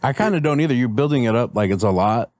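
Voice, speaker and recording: A man's voice: mid-range voice, animated, quick pace, darkish tone, no room sound. A man who is a comedian and youth coach, a guest on a podcast, talking in a laid-back, playful way with casual slang. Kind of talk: casual conversational chat.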